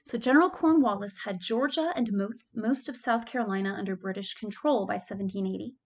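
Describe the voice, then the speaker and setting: Woman, history teacher, classroom lecture, chatty asides, gravelly voice. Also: mid-range voice, a little fast, lo-fi sound. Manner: chatty, adds asides and corrects herself.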